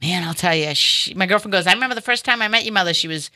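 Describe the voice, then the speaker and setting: A woman hosting a casual chat, telling animated stories and acting out the people she quotes. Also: fairly low pitch, rapid-fire. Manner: animated storyteller, acts out quotes.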